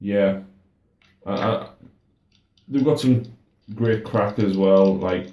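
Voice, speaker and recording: A man's voice: lowish voice, slow pace, lo-fi sound. Hesitant young guy, echoey. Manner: hesitant, stammering restarts. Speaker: co-host. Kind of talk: casual chat.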